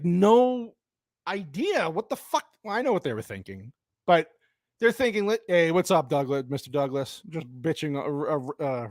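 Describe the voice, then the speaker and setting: A man with a high, very lively voice tears into a film in a profane, exasperated rant. He sounds close and dry, with little room sound around him. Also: dry recording. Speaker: movie reviewer. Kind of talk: ranting film review.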